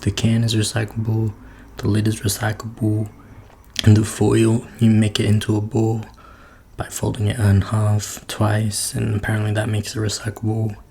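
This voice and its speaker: Male ASMR creator, low, creaky voice, slipping between whispers and soft talk, dry asides. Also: monotone, normal speed, a little hiss or hum. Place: his room at home.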